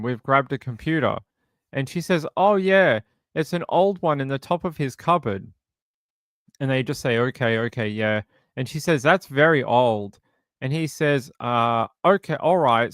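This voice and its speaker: A man's voice: medium pitch, fairly bright tone, dry recording, clean studio sound. A man hosting a true crime channel, reading a police interview transcript aloud in a plain way, with fillers and restarts.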